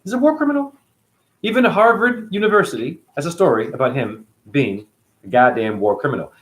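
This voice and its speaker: A man's voice: fairly high pitch, expressive, a little fast, fairly bright tone. A middle-aged man hosting a spiritual livestream, ranting in a profane, preachy way and answering his chat.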